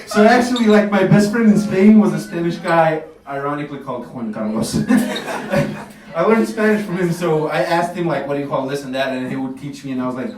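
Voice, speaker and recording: A man's voice: fairly high pitch, moderate pace, hardly any pauses, noisy background. A man doing a stand-up comedy set in a small café club, telling loose stories, acting out dialogue and laughing at his own jokes. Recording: echoey café recorded from far off.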